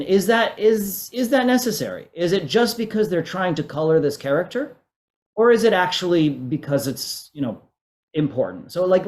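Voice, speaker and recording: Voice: mid-range voice, darkish tone. A voice performer on a panel, earnest and giving advice to other performers. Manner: earnest, advising. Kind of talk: panel discussion.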